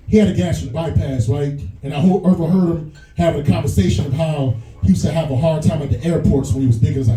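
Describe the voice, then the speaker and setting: A man with a New York accent doing a stand-up set, loose and crude, often jumping into high put-on voices. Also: warm tone, roomy sound, recorded from a distance, slight background noise, rough recording. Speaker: stand-up comedian headlining a bar. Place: small bar comedy stage.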